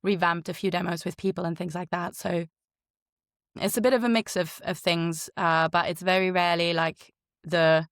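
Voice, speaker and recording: A woman's voice: fairly low pitch, steady tone, moderate pace, fairly bright tone, no room sound, studio quality. A woman voice actor and coach giving frank, chatty advice in a podcast interview. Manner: chatty, frank, lots of fillers.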